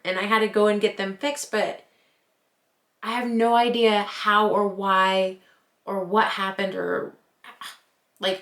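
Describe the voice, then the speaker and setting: A woman's voice: medium pitch, fairly bright tone. A young woman telling a spooky personal story in a chatty vlog, with lots of "like" and laughing at herself. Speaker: vlogger. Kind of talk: casual storytime. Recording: roomy echo.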